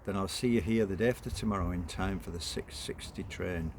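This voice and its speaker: A man's voice: deep voice, brisk, vocal fry, background noise. A man voicing a brusque, offhand mother who speaks curtly and dismissively in a storybook reading. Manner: curt, dismissive.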